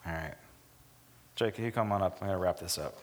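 A man's voice: sits low, brisk, long reverb tail. A man preaching a sermon as pastor, talking emphatically and acting out the voices in the stories he tells. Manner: emphatic, acts out quoted dialogue.

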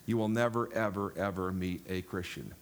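A man's voice: sits low, moderate pace. An older man preaching a sermon in a jokey, rambling way, talking straight to the congregation. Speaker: pastor.

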